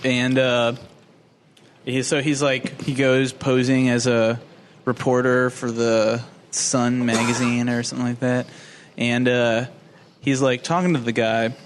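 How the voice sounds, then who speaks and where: A man of ordinary pitch retells a movie plot to friends on a casual podcast. He rambles, laughs often and swears freely as he acts out the characters' lines. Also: little pitch movement, unhurried, slight background noise. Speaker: podcast co-host. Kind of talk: casual movie recap chat.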